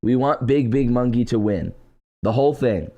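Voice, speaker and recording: A young man, just awake, streams live in a stuffy, congested morning voice that is mid-range, mellow and at normal speed. Laid-back, he chats casually with viewers, answering chat and thanking donors.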